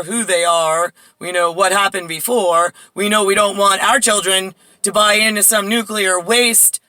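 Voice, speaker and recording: Rambling New woman, bright dry voice. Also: medium pitch, smooth, no room sound, poor audio. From Bayside, New York. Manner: rambling, jumps between tangents, muses aloud. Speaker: vlogger. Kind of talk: casual monologue to camera. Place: at home indoors.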